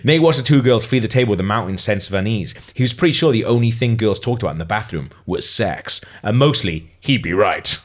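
A man's voice: fairly low pitch, expressive, brisk, few pauses. A man reading a novel aloud, amused, stopping now and then to comment on it. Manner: amused, breaks off to comment and laugh. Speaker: reader.

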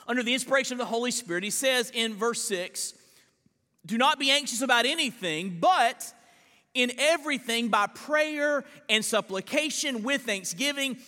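A male pastor preaching a sermon, swinging between loud emphatic lines and hushed slow ones, often repeating words as he starts a phrase. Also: extremely high pitch, long reverb tail. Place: church sanctuary.

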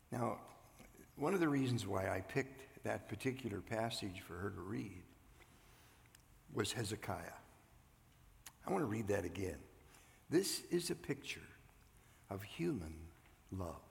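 Gravelly older preacher in a reverberant church. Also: male voice, fairly low pitch, very animated, slow, long pauses. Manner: earnest, swings from loud to hushed. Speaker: pastor. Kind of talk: sermon. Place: church sanctuary.

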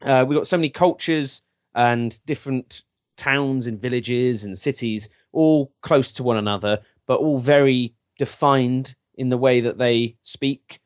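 An English man co-hosts a casual podcast, chatting in a lively, quick way. His voice sits at a middling pitch. The recording is close and dry. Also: no echo. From England. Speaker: podcast co-host. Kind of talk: casual chat.

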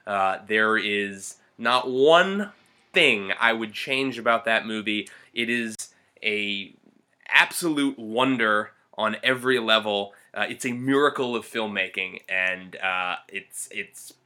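A man's voice: on the low side, slow, bright, forceful tone. A man co-hosting a casual movie podcast, chatty and rambling, laughing often. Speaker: podcast co-host. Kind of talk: casual movie review chat.

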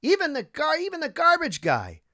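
A man talking casually as a co-host, swinging his pitch widely as he gets worked up. He digresses and restarts often, and his voice is recorded dry and close. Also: normal speed, dry recording. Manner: animated, emotional, digressive with many restarts. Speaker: podcast co-host. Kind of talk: casual political chat.

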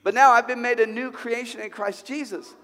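A male pastor preaching a sermon at a church service, conversational and animated, full of rhetorical questions. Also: very high voice, a little fast. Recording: long hall reverb.

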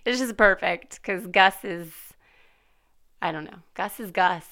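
A woman's voice: medium pitch, measured pace, bright, forceful tone. A woman co-hosting a podcast, chatting casually about a TV episode. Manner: chatty, quotes characters in put-on voices. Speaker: podcast co-host. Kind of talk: casual chat reviewing a TV episode.

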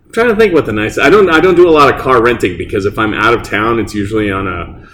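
Laid-back, low-voiced man who laughs easily. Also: lively intonation, fast talker, a bit bright. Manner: laid-back, laughs often, trailing asides. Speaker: podcast co-host. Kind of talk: casual chat.

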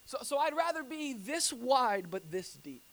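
A man preaching a sermon to his church in a conversational, animated way, with humorous asides to the congregation. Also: very high-pitched, a little slow. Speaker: pastor.

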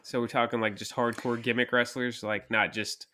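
A man's voice: mid-range voice, flat delivery, normal speed, bright, forceful tone. A man co-hosting a podcast in casual chat, laid-back and full of "dude" and "like". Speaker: podcast co-host.

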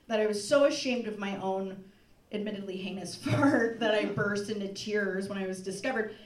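Young woman telling a story live. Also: a little high. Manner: laughing, animated confessional. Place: live comedy stage. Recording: echoey room from far off, loud crowd.

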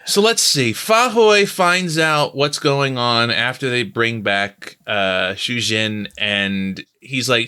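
A man's voice: mid-range voice, slow, hardly any pauses, sharp tone, smooth. A man hosting a film podcast, rambling casually with fillers and laughter. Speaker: podcast host.

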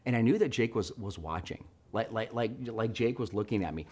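A middle-aged man preaching a sermon, telling a story with animated swings between hushed and loud delivery. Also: lowish voice, brisk. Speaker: pastor.

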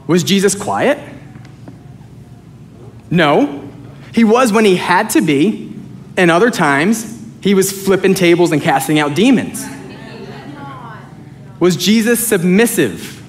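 Male pastor, sermon, animated, joking, raised pitch, faint room noise. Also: slow pace, long pauses. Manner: animated and joking, swings between loud and soft. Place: church sanctuary with congregation.

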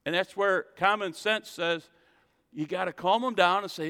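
A man preaching a sermon as a pastor, reading scripture and building to loud, emphatic calls to the congregation. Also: high-pitched, moderate pace, smooth, long reverb tail. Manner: preaching with rising, shouted emphasis and call-and-response asides.

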